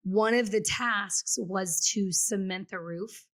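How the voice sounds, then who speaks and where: A woman real estate agent co-hosting a casual chat, talking in an animated, storytelling way and acting out the quotes she tells. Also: medium pitch, takes it slowly. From Kansas City area. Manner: chatty and animated, acts out quotes.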